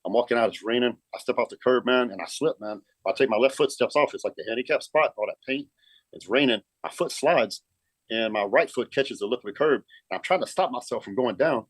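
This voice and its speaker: Fast-talking man, profane storyteller. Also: mid-range voice, dry recording. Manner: profane, keeps saying man. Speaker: guest, pro bodybuilder. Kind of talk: casual storytelling.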